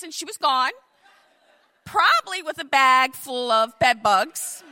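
A middle-aged woman telling a funny personal story, animated, acting out quotes in shifting voices. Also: high voice, slow pace.

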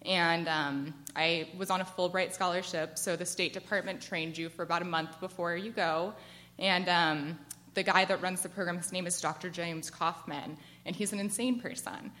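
An American woman in her twenties telling a personal story to a live audience, chatty and animated, with lots of "like" fillers. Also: on the low side, normal speed. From United States. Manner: chatty and animated, frequent "like" fillers, laughs as she tells it. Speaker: storyteller at a work event.

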